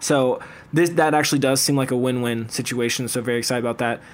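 A man's voice: mid-range voice, steady tone, quick pace. A man co-hosting a casual sports podcast, eager and upbeat as he tells stories. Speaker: podcast co-host. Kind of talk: casual chat.

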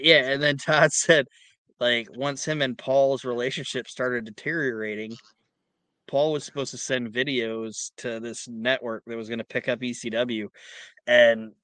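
A man on a podcast retells stories with lively energy and some cursing. His voice sits in the middle range. It sounds dry and close to the mic. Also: medium pitch, dry recording. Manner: animated retelling of anecdotes with swearing. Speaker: podcast co-host. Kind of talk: casual chat.

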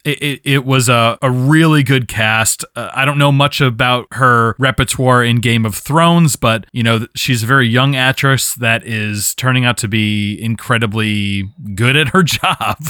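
A man's voice: medium pitch, measured pace, hardly any pauses, pushed and bright, smooth, no room sound. Chill podcast guy chatting and laughing a lot, mid voice, super dry close sound. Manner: laughs often, easygoing. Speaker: podcast co-host. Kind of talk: casual chat.

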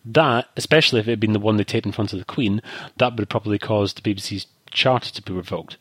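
A man's voice: lowish voice, fast talker, fairly bright tone, husky, no echo. A man co-hosting a podcast, talking in a rambling, thoughtful way with frequent restarts. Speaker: podcast co-host. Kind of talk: casual chat.

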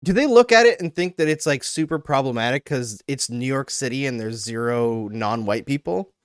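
A man's voice: mid-range voice, animated, normal speed, clear, resonant tone, no room sound, clean studio sound. A man co-hosting a casual chat, talking in a wry way and mocking others with voiced quotes.

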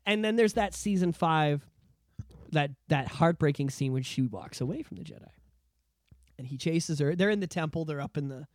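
A man hosting a podcast in casual chat, excitable and emphatic, swearing freely. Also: fairly high pitch, normal speed, no room sound, clean studio sound. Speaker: podcast host.

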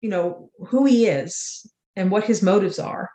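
An older woman guest talking with an earnest, unhurried calm. She shares spiritual stories at a steady, middle pitch. Her voice carries a roomy echo. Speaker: guest, author. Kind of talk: reflective interview talk.

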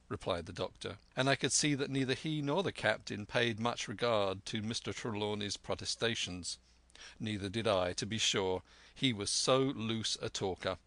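Man, audiobook narration, low pitch, bright tone. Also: no room sound. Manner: measured, unhurried reading. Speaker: audiobook reader. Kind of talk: scripted narration.

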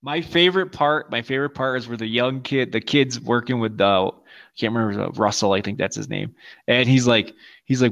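A man's voice: mid-range voice, fairly quick, a bit bright. A man co-hosting a podcast, telling stories in casual, profane chat over a video call and laughing a lot. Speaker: podcast co-host.

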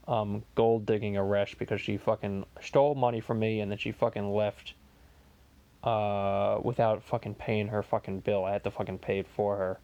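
A man's voice: medium pitch, vocal fry, darkish tone. A man voicing Stewie as a podcast host, delivering a rambling, profane comedic monologue full of stammering restarts. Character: Stewie as a crude, ranting male podcaster.

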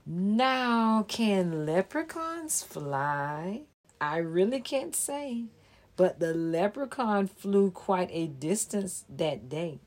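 Very slow-reading woman, storybook narrator. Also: medium pitch, big pitch swings. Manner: very slow, deliberate. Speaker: presenter.

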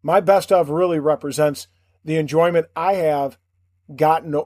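A male podcast host speaks in an earnest, measured way, as if reading a prepared reflection. His voice is a little high for a man and sounds close and dry, with no room around it. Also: steady tone, darkish tone, no echo. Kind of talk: reflective scripted monologue.

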